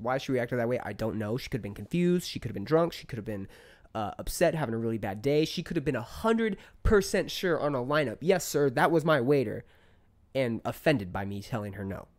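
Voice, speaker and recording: A man in his thirties, appearing as a podcast guest, tells a story in casual conversation, speaking heatedly and cursing. His voice is expressive and quick, and his pitch rises as he gets worked up.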